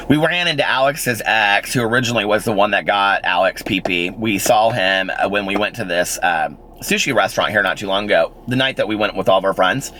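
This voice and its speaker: A man's voice: on the low side, expressive, normal speed, sharp tone, slight background noise. A man in his forties telling a rambling personal story in a casual vlog, full of fillers and little laughs. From Indiana, United States. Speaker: vlogger.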